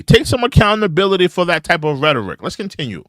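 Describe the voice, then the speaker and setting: Young male commentary host, indignant and repetitive, animated delivery. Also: high-pitched, quick pace. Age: young adult. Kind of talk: opinionated political commentary.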